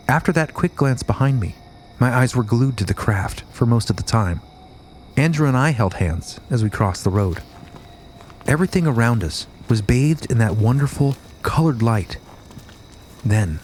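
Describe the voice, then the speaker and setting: A man hosting a podcast, dramatically reading a first-hand witness account and getting loud at the quoted screams. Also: medium pitch, slight background noise. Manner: animated storytelling, rising to shouts at quoted screams. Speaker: podcast host.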